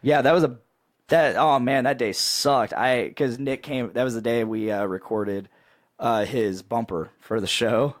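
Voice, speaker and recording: A man's voice: measured pace, dry recording, studio quality. Hyped young man hosting a podcast. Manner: excitable sales-pitch hype, laughs often. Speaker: podcast host. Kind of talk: casual chat.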